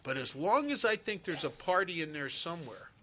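A man's voice: on the high side, sing-song, brisk, bright, forceful tone, slight background noise. A man speaking at a recovery meeting, telling a personal story in an earnest, conversational way and acting out the dialogue. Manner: storytelling, acts out quoted dialogue.

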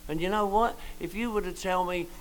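A man's voice: high-pitched, fairly quick, slight background noise, poor audio. An older man giving a joking, colloquial personal testimony at a recovery meeting. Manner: joking, colloquial storyteller with slangy asides.

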